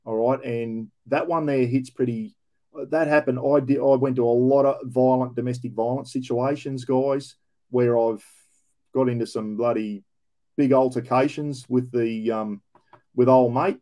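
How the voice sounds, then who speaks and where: A man's voice: medium pitch, fairly even intonation, measured pace, dark tone. A man with an Australian accent, a former police officer, telling blunt, profane stories with plenty of slang in a casual reaction commentary.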